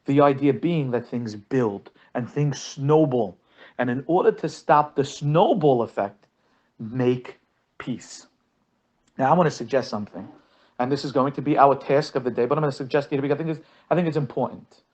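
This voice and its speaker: A man's voice: mid-range voice, moderate pace, a little mellow. A man teaching as a rabbi, telling examples and often repeating his first words. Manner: repeats words when starting sentences, acts out quotes. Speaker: rabbi teaching a marriage course. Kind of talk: lesson with storytelling examples.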